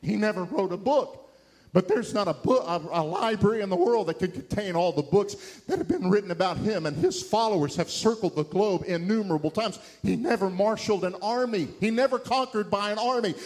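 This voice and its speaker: Middle-aged male evangelist, high voice, impassioned sermon delivery with emphatic climaxes. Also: animated, fairly quick, a little mellow. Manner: impassioned, rising to emphatic peaks. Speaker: preacher.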